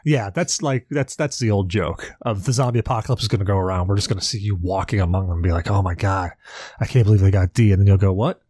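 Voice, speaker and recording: A man's voice: lowish voice, quick pace, a little mellow, breathy edge, no echo. A man co-hosting a podcast in casual chat, rambling and joking with plenty of swearing. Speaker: podcast co-host.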